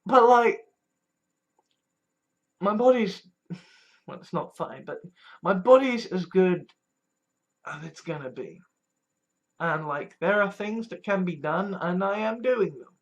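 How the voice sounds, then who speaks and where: A vlogger talks slowly and frankly to camera, with a pitch that rises and dips a lot. The delivery is blunt and full of swearing and sighs. Weary muttering turns now and then into loud, mocking outbursts. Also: expressive. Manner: blunt and profane, with frequent sighs and trailing restarts; swings between weary mutters and mocking shouted quotes. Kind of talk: candid personal monologue.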